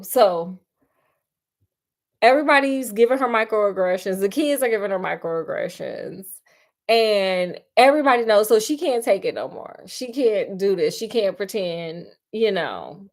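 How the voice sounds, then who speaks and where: A woman's voice: medium pitch, animated, moderate pace. A woman casually retelling a movie plot in a chatty, sassy way, calling the listener "honey" and "child.". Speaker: storyteller. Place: at home doing crafts.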